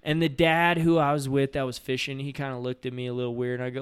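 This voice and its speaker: A man co-hosting a fishing podcast, telling stories in a loose, casual way. He is animated and acts out the other people's lines with raised voices. His pitch sits in a middle range. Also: quick pace, hardly any pauses, clear, resonant tone. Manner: animated storyteller, acts out shouts in quotes. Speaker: fishing guide and podcast co-host. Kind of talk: casual storytelling chat.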